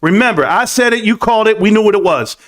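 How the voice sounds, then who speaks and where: Brash high-voiced man hyping stocks. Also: expressive, fast. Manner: brash, boastful trash talk with swearing; bursts into singing and shouting. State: out of breath. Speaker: stock livestream host. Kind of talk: hyped late-night stock talk livestream.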